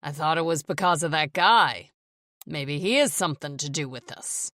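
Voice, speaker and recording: A woman reading an audiobook, voicing a drunk, suspicious husband who talks slowly and snarls. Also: low-pitched, animated, a bit bright, no echo, studio quality. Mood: angry. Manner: slow, snarling.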